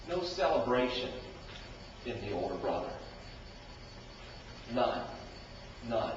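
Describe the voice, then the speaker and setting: A male pastor preaching a sermon with dramatic storytelling, sweeping from loud outbursts to hushed tones. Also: mid-range voice, very animated, slow, long pauses, slight background noise. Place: church sanctuary. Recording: echoey church hall from far off, dull lo-fi. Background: church hall reverb.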